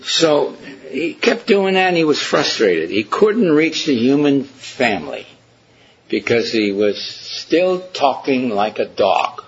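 A man's voice: mid-range voice, big pitch swings, slow pace, highs cut off. A man preaching a storytelling sermon, emphatic and questioning his listeners.

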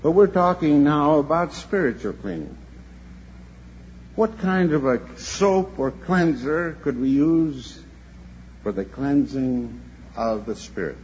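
An older man's slightly high, darkish voice carries lively intonation as he gives an unhurried, earnest sermon at a church convention. Now and then he stumbles and repeats a word mid-story, with a faint hum behind the dull lo-fi audio.

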